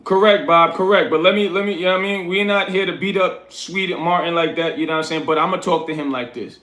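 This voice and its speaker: High-voiced New York man livestreaming. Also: fast, a bit bright, echoey room. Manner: reads chat aloud, coaching and scolding viewers. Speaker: livestream host. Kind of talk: casual livestream chat.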